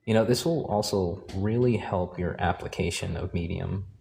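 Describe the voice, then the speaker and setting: A man teaching painting, talking calmly and thinking aloud while he works, sometimes correcting himself. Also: sits low, moderate pace, vocal fry, slight background noise. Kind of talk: live painting demonstration.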